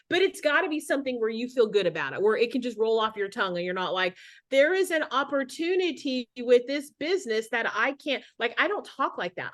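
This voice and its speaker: A woman's voice: a little high, fairly bright tone. A middle-aged woman giving a casual motivational talk on a video call as a guest speaker, chatty and rambling with many restarts.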